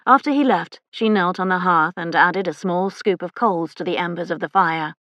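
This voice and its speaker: A woman reading a historical romance novel aloud as an audiobook narrator, in a measured, even storytelling manner. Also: on the low side, no echo. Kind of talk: scripted narration.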